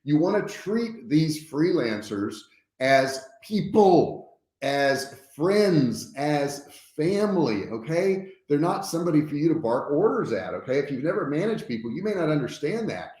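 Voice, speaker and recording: A man's voice: a little high, very animated, a little slow, a little mellow, reverberant. A man hosting a casual business livestream, speaking frankly and emphatically, often checking in with his viewers. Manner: frank and emphatic, often tags points with "okay?". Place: home office.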